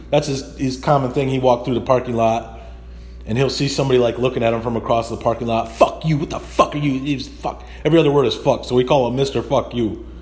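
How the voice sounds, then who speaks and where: A man's voice: mid-range voice, a little mellow. A middle-aged man hosting a podcast, delivering a blunt, profanity-laced casual monologue that builds into rants. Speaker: podcast host.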